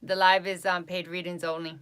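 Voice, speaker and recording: A woman's voice: on the low side, level tone, fairly quick, a bit bright, clear, resonant tone. A woman with a New York accent chatting casually with viewers on her live stream as a psychic host, repeating herself and reading names aloud.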